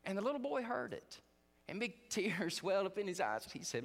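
A middle-aged male preacher delivers a chapel sermon with a fairly high, wildly swinging voice. He tells stories animatedly, tripping over restarts as he goes. The hall adds a long, ringing reverb. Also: a little fast, gravelly. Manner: animated storytelling with stumbling restarts. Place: seminary chapel.

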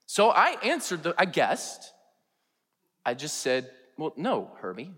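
Animated pastor telling stories in a hall. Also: male voice, on the high side, slow pace, husky. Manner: animated, humorous storytelling. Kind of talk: sermon with storytelling. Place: large chapel.

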